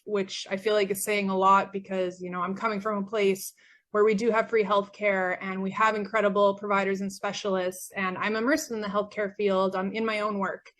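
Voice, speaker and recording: A woman's voice: mid-range voice, fairly bright tone. A young woman from Canada sharing a personal patient testimonial, earnest and grateful, with frequent fillers, her voice getting worn. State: losing her voice. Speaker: former patient.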